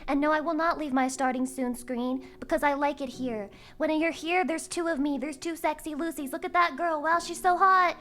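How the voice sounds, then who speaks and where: Woman VTuber streamer, high bright voice, excitable, swears a lot, faint music behind. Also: normal speed, hardly any pauses. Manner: excitable, profane, bursts into shrieking laughter. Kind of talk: casual live-stream chat.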